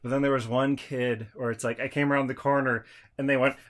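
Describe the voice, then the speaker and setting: A man's voice: mid-range voice, flat delivery, fairly quick, heavy background noise. A man in casual podcast chat, telling a childhood story with lots of swearing and acted-out quotes. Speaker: podcast host.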